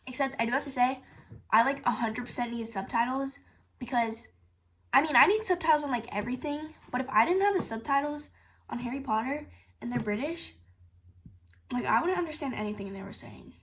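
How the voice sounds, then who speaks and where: A young woman gushing in a casual review, bubbly and excitable, with "like" all through her talk. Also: high voice, a little fast, a little hiss or hum. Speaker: book reviewer.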